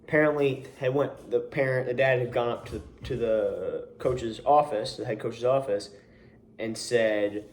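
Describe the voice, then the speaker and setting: A man's voice: medium pitch, measured pace, a little mellow, a little hiss or hum. Rambling young man in a roomy echo. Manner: rambling, many restarts and asides, exasperated. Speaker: camp coach and counselor. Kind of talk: casual storytelling vlog.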